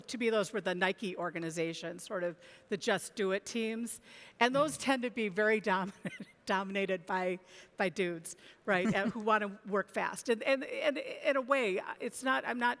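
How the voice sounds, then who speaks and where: A woman's voice: mid-range voice, moderate pace, fairly bright tone. Woman panelist in an echoing hall. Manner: thoughtful, many restarts and fillers. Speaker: industry analyst on a panel. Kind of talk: conference panel discussion. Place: conference stage. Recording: long hall reverb.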